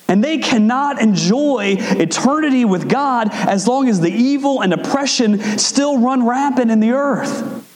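A man preaching a sermon in a conversational way, acting out quotes with big swings in pitch. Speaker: pastor. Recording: echoey hall with long reverb.

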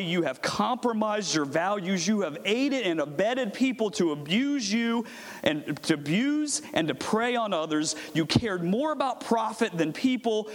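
A man preaching a dramatic sermon, calling up volunteers and acting out a scene. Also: high-pitched. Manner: dramatic, calls up volunteers, acts out a merchant. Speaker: pastor. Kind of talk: sermon with audience role-play. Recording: echoey hall with long reverb.

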